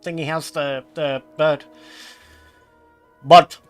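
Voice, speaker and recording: A man's voice: fairly high pitch, level tone, slow pace, soft background music. A man giving casual, joking let's-play commentary, chatty and swearing freely. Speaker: gaming streamer.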